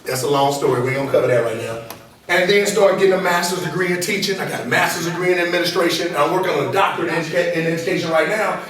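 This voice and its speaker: A high-voiced man gives an animated motivational talk to a room full of listeners and keeps asking if they follow him. He sounds distant from the microphone, with a strong echo of the room around him. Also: very fast. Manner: animated call-and-response, repeatedly asking the audience to follow along. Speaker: motivational speaker and coach. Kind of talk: motivational talk to a live group. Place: meeting room with an audience. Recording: echoey room from far off.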